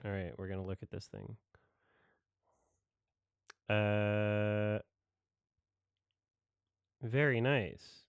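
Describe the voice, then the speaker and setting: Smooth, dry-voiced man hosting a watch-along. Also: on the low side, extremely slow, pauses often, no echo, highs cut off. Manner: relaxed, offhand, with laughs and fillers. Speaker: host of a movie watch-along. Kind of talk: casual chat.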